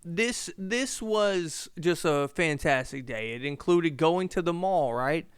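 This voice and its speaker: A man hosting a casual solo podcast, telling a story in an animated, profane way. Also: on the high side, slow, clear, resonant tone, dry recording. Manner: animated, profane, shouts in reenactments. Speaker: podcast host. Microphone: podcast mic.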